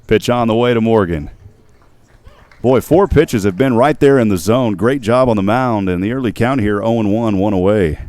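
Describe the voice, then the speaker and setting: A man giving steady, measured baseball play-by-play commentary as the announcer. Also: no echo. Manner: steady, measured calls of each pitch.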